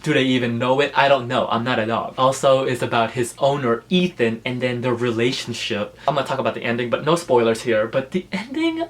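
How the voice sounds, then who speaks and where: A man's voice: medium pitch, animated, fairly quick, few pauses. A man chatting on his book vlog, gushing and emotional, filling his talk with fillers and laughing through the feeling. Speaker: book vlogger. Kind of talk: casual book review vlog.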